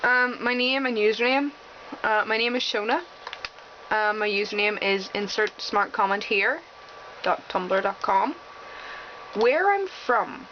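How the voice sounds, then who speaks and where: A woman's voice: medium pitch, unhurried, pauses often. A teenage girl with a Northern Irish accent that mixes Belfast and Fermanagh with a slight American tinge, chatting casually and wryly to camera as she reads out a word list and questions, with plenty of ums. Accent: Northern Irish, mix of Belfast and Fermanagh with a slight American tinge. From Northern Ireland. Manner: chatty and wry, with frequent ums. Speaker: vlogger. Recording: dull lo-fi webcam audio with faint room hiss.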